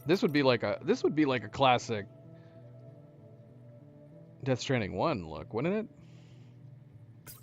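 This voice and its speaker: A man's voice: medium pitch, very animated, takes it slowly, long pauses, lo-fi sound, faint music behind. A man hosting a let's-play, casually thinking aloud and joking at the game characters. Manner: thinking aloud, chatty and wry. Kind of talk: casual gameplay commentary.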